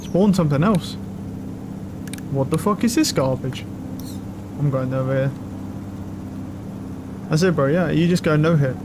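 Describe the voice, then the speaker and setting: A young man streaming a game, talking loudly and excitably with lots of swearing to his chat and a friend. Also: a little high, measured pace, long pauses, noisy background. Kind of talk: casual live-stream commentary. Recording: game music loud behind voice. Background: game music.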